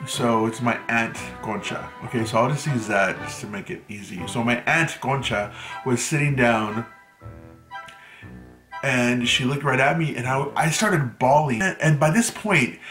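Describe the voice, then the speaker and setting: A man's voice: mid-range voice, a little slow, fairly bright tone. A man with Mexican roots telling a story from his teen years in a casual storytime vlog, chatting loosely with lots of "like". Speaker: vlogger. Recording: echoey room with music behind. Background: background music.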